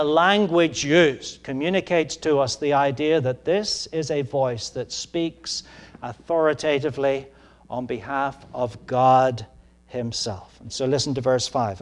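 Preaching man with a slightly high voice. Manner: measured delivery with frequent ums and repeated words, swelling to emphatic peaks. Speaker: pastor. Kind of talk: sermon.

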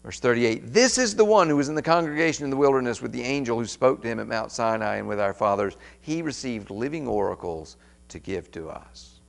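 Gravelly-voiced man preaching a sermon. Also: medium pitch, lively intonation, fairly quick. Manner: reads scripture aloud, then comments with rising emphasis. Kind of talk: expository sermon.

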